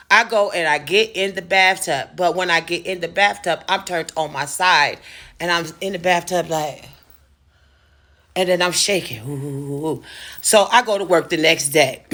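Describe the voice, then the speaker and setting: A woman telling a personal story to camera in a casual vlog, animated and freely cursing. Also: on the low side. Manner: animated, profane, dramatic storyteller. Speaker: storytime vlogger.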